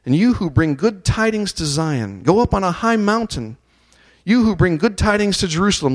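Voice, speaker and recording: A man preaching a sermon, reading scripture aloud and leading the congregation in call-and-response chants, rising to loud ringing peaks. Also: high voice, big pitch swings, moderate pace. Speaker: pastor.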